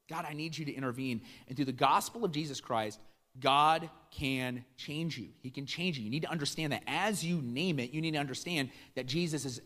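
A middle-aged man from Iowa preaches a conversational sermon in a bright, forceful voice. He asks the crowd questions, acts out little scenes, and his voice rings through a large church hall. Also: on the high side. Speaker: pastor.

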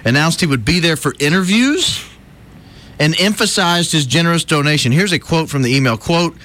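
A man's voice: fairly high pitch, moderate pace. A man hosting a talk radio show, chatting animatedly and slipping into mocking voices as he tells a story. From not from Alabama. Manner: animated, puts on mocking voices while telling stories.

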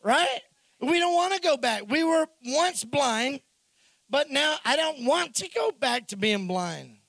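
A man preaching a sermon in an animated way, acting out the characters' lines in the story. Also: extremely high pitch, unhurried, dry recording. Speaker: pastor.

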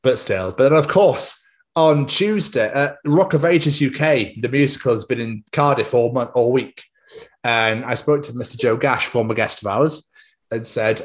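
A young man, co-hosting a podcast and chatting casually, an excitable storyteller who swears freely. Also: mid-range voice, normal speed. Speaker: podcast co-host. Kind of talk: casual chat.

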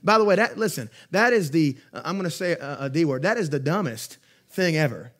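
A young man with a slightly high, brisk voice preaches a sermon in his role as pastor. His conversational energy rises to loud, emphatic bursts, then drops into quiet asides, and he laughs while recounting stories.

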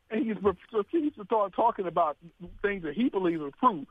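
A man's voice: high-pitched, animated, moderate pace, breathy edge, no echo. A man chatting on a political talk radio show, emphatic, laughing often and asking rhetorical questions. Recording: dry tinny phone-like radio sound.

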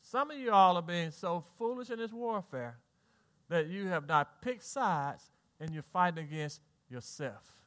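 A Southern US man in middle age preaches a sermon to his congregation. His voice sits high and sounds bright and forceful. He drops soft and low, then rises loud, with folksy asides. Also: lively intonation, unhurried. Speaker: pastor.

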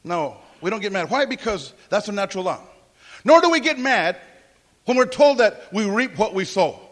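A man preaching a sermon as pastor, emphatic and animated, mixing in humor and asides. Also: sits high, moderate pace.

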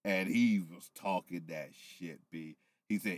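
A man's voice: low-pitched, measured pace, no room sound. Loose, profane man recapping wrestling. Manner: loose, profane, animated storytelling. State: tipsy from whiskey. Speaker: podcast co-host. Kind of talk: casual wrestling recap chat.

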